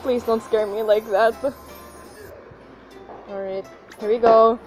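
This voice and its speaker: A woman's voice: fairly high pitch, level tone, slow pace, music in the background. A young woman reacting to her mobile game pulls, pleading and shrieking at the screen. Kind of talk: gacha pull reaction commentary.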